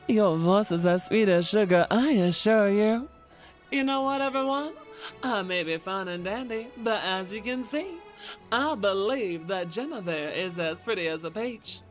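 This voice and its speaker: A woman's voice: medium pitch, lightly acted. A woman streamer doing a Southern belle impression, drawling sugary compliments. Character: genteel flirtatious Southern belle lady.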